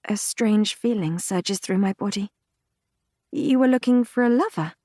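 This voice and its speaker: A woman's voice: mid-range voice, unhurried, dark tone, dry recording. Woman narrating a first-person audiobook, dry sound. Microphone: close studio mic, dry.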